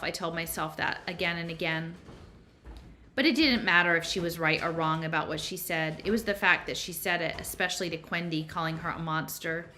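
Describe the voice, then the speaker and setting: A woman reads a first-person novel aloud, conversational and a little unpolished, with small slips. Her voice sits slightly low. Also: bright, forceful tone, a little hiss or hum. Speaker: audiobook reader.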